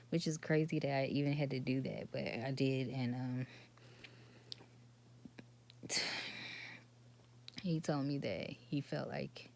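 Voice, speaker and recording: A woman recounts a personal story to the camera in a soft, subdued voice that often drops to a breathy near-whisper. Her tone has a gravelly, fried edge and stays fairly flat in pitch. A faint, steady hum sits under her voice. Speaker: vlogger.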